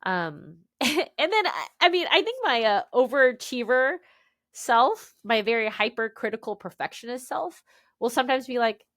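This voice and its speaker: A woman's voice: on the high side, moderate pace, no echo, clean studio sound. A woman author as a podcast guest, telling her story candidly and animatedly, often tagging lines with "right?". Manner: animated, peppers speech with "right?" and "dude".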